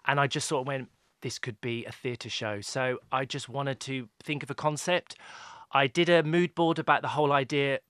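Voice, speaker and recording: A man who works as a choreographer, a guest on a radio chat, speaking calmly and plainly. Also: mid-range voice, normal speed, clean tone, no room sound, studio quality. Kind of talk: casual radio interview.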